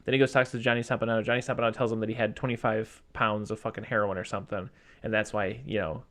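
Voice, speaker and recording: A man's voice: on the low side, flat delivery, rapid-fire, a bit bright. A man hosting a podcast, recapping film scenes in a loose, rambling way and mumbling the characters' lines. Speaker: podcast host. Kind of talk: casual movie chat.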